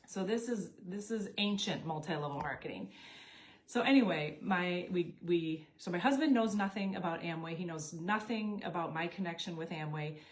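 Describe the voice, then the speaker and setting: A woman's voice: on the low side, normal speed. A middle-aged woman telling a personal story casually, acting out bits of dialogue. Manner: animated, acts out dialogue with quoted voices. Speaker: network marketing storyteller.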